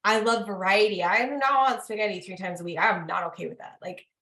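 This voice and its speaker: A woman's voice: medium pitch, brisk. Chatty woman host in an echoey room. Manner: animated, repeats questions back to herself. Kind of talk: casual chat. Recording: roomy echo.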